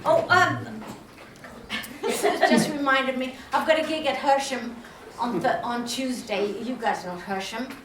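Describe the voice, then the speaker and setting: A woman's voice: sits high, a little slow, long pauses. A woman chatting casually at a folk club night, laughing and self-deprecating as she introduces a poem. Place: folk club room with an audience. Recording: echoey room with faint noise.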